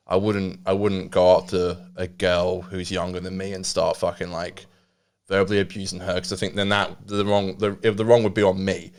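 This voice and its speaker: A man's voice: deep voice, clean tone. A man in his twenties telling a rambling, emotional story on a casual comedy podcast, swearing often. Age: 20s. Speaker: podcast co-host.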